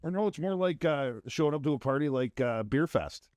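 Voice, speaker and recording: A man's voice: a little high, expressive, fairly quick, darkish tone, dry recording, studio quality. A man co-hosting a casual drinking podcast, teasing his friend and laughing often. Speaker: podcast co-host.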